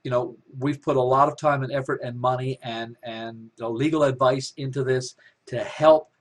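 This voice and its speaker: An enthusiastic man hosts an online business webinar, speaking at a middle pitch. He repeats himself for emphasis and scatters fillers and restarts through his upbeat pitch. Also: steady tone, normal speed. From Canada. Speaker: company developer presenting a webinar.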